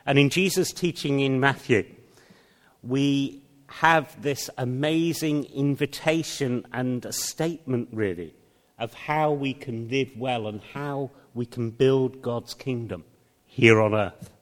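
A man preaching a sermon to his congregation, speaking slowly and deliberately with a touch of dry humor. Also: medium pitch. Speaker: pastor. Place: church hall. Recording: long reverb of a church hall.

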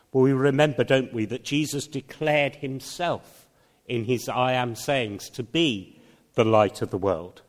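A man delivers a Sunday sermon at a measured, unhurried pace, with the occasional wry aside. His voice sits at an ordinary middle pitch. It rings out with the long reverb of a church hall. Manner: slow, deliberate preaching with light humor. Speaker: pastor.

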